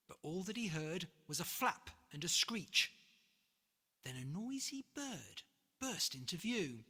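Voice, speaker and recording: An author reading their own rhyming picture book aloud in a lively, rhythmic way. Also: medium pitch, unhurried, husky. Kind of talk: rhyming storybook read-aloud. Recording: long reverb, faint music behind.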